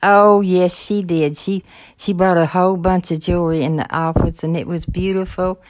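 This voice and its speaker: An older woman with a low voice speaks gently, agreeing warmly as she looks back. Her voice sounds close and dry. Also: steady tone, normal speed, no echo. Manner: gentle, agreeable, warm recollection. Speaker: mother of the host. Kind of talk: casual conversation.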